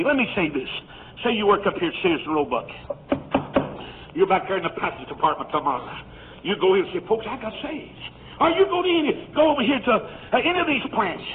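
Shouting revival preacher, tinny tape. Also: male voice, high-pitched. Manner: shouting, laughing, exclaiming praises. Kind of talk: fiery revival sermon. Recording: tinny phone-like old tape with hiss.

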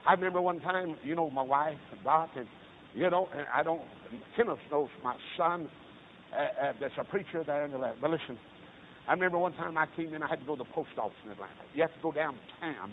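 Man, Baptist preacher, fiery storytelling sermon, thin tinny sound, faint hiss. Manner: fiery, swings from low storytelling to loud shouted peaks.

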